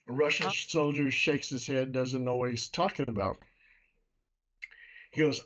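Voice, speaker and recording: A man hosting a casual video call chat, telling a story in a relaxed way and swearing freely. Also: medium pitch, moderate pace, muffled recording. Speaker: host.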